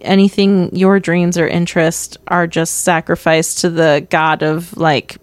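A woman's voice: lowish voice, level tone, unhurried, no room sound. Young woman podcast cohost, chatty movie talk, says like a lot, dry close mic. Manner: chatty, quotes scenes in little voices, lots of "like". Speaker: podcast co-host. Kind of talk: casual film review chat.

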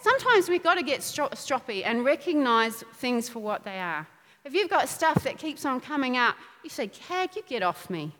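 High, bright-voiced woman preacher. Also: normal speed, big-room sound. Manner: animated, emphatic, laughs often. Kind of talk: sermon.

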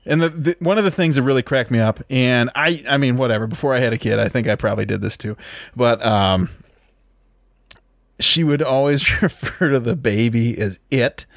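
A man's voice: mid-range voice, moderate pace, no room sound, studio quality. A man in casual chat about a movie, riffing playfully and quoting characters. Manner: playful, riffs on the joke, quotes characters. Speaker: podcast co-host.

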